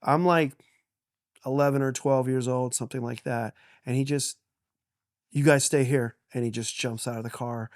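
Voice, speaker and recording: A middle-aged man, a pastor, telling a family story on a podcast with animated delivery and frequent laughs. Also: mid-range voice, normal speed, dry recording, studio quality. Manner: animated, laughs often, acts out quotes.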